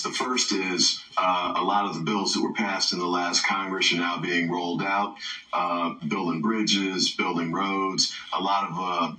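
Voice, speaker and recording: A man, a congressman, answering an interview question hesitantly with many pauses. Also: sits low, pushed and bright. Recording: roomy broadcast clip from a distance.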